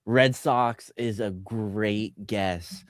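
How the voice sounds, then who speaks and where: A man's voice: on the low side, very slow, dry recording, clean studio sound. A man co-hosting a casual sports podcast, chatting, joking and reading out viewer comments. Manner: animated, jokey, reads out live comments. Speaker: podcast co-host.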